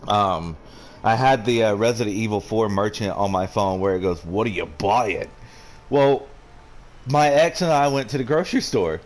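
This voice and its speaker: A man's voice: fairly low pitch, lively intonation, a little fast. A man chatting casually on a game stream, rambling and swearing freely. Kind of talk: casual chat while gaming.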